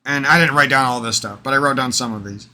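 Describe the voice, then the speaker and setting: Profane, rambling man ranting bright. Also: mid-range voice, fast. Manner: profane, emphatic, repetitive, rambling. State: hoarse. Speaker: vlogger. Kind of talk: unscripted ranting vlog monologue.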